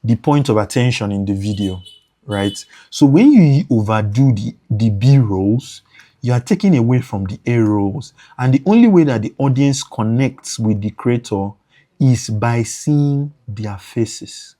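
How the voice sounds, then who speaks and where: A man's voice: mid-range voice, expressive, measured pace, warm tone. A man teaching motion design for editors in a screen-recorded tutorial, repeating points and thinking aloud as he works.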